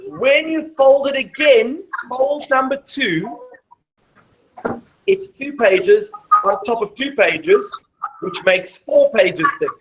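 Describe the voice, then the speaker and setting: A woman's voice: a little high, lively intonation, slow, a bit bright, breathy edge, rough recording. A woman presenting a live maths show to a classroom of children, explaining step by step and quizzing the class as she goes.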